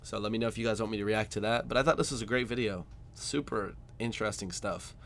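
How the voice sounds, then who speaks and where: A man's voice: lowish voice, fast talker, vocal fry, fairly bright tone, slight background noise. A man from the United States hosting a reaction video, chatting in a loose, enthusiastic way. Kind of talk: casual reaction commentary.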